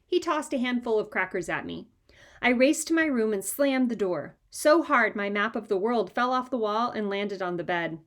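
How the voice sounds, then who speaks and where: A woman reading a children's chapter book aloud in a lively, expressive way. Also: a little high, normal speed. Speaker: reader. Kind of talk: storybook read-aloud.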